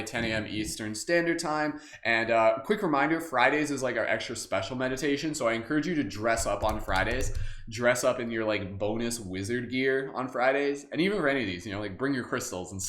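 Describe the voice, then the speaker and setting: Recorded through a livestream camera mic in an echoey room, a meditation host leads a live group session. His mid-range, fairly bright voice stays casual and upbeat, full of fillers and laughter.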